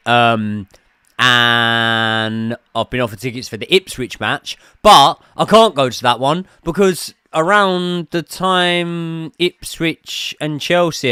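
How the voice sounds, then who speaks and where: A man's voice: a little high, bright, forceful tone, smooth, dry recording, clean studio sound. A young man hosting a live football watchalong, chatting casually, swearing now and then and answering viewers. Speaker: host of a football watchalong stream. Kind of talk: casual live-stream chat and commentary.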